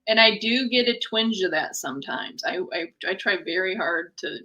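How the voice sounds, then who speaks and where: Bright-voiced folksy Midwestern woman. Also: mid-range voice, expressive, normal speed, dull audio. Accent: folksy Midwestern American. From Missouri. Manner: laughs often, self-deprecating. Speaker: stand-up comedian guest. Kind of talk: casual chat.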